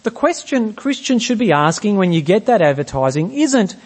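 Lively high-voiced preacher. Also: male voice, normal speed. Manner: asks the congregation rhetorical questions. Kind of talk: sermon.

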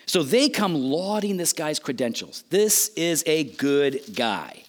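A man preaching a sermon, telling a story with animated, changing delivery and acted-out quotes. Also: on the high side, takes it slowly. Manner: animated storytelling, voices quotes, sudden loud and soft swings.

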